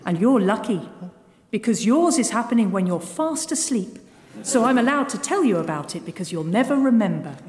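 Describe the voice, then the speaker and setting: An actress playing a chirpy female announcer who teases the listener in a bright, sing-song manner, in a comic radio sketch. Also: fairly high pitch, animated, moderate pace, natural voice. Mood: teasing. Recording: echoey hall with loud background noise.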